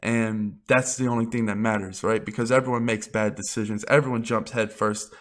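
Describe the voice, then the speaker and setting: A man's voice: fairly low pitch, steady tone, a little fast. Man, young adult, vlogger, unscripted motivational rant, profane, emphatic.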